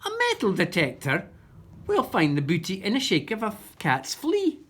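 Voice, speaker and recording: A woman with a Scottish accent voicing a loud, blustering male pirate captain in a storybook reading. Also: medium pitch, wildly swooping pitch, moderate pace, breathy edge, pitched above the performer's own voice. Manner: roaring pirate talk.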